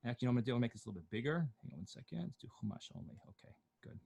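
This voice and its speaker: A man teaching an online class, slowly chanting Torah words and notes, then explaining them in quick, joking asides. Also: mid-range voice, big pitch swings, vocal fry, darkish tone, slightly rough. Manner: jokey, asks questions of the class.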